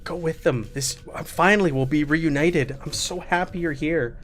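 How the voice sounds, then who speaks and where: A man voicing the soft, hushed voice of a dead woman luring a friend, in a tabletop horror game. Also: on the high side, moderate pace, a little hiss or hum, close to an everyday voice.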